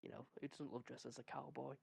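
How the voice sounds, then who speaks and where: A young man hosts a casual podcast and tells a rambling story among friends with plenty of energy. His mid-pitched voice has a gravelly fry to it. The sound is close and dry. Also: fast talker, no room sound. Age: young adult. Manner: energetic, rambling, swears freely. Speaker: podcast host.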